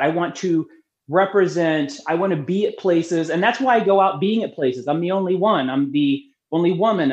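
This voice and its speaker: Chatty woman on a podcast telling stories, laughs a lot, echoey muffled sound. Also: on the low side. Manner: lively, talkative, laughs often. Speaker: podcast guest, beer promoter. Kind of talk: casual storytelling interview. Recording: roomy, slightly muffled.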